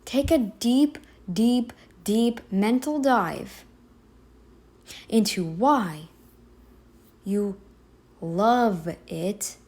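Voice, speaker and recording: A woman's voice: on the high side, very slow, long pauses, a little mellow. A woman giving a casual reaction commentary, arguing emphatically back at a video she is watching. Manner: emphatic, argumentative, talks back to the clip.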